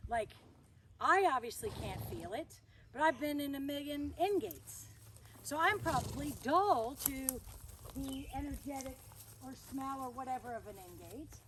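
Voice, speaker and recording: Chatty horsewoman with a high voice, recorded outdoors with clear ambient noise around her. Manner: chatty, breaks off to praise the horse. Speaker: horse trainer. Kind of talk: storytelling while working a horse.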